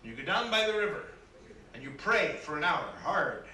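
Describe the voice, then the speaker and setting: A man's voice: fairly high pitch, big pitch swings, moderate pace, sharp tone, slight background noise, full character voice. A man voicing a kindly old male Irish priest in a joke, using a raised, coaxing delivery. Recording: echoey room from a distance.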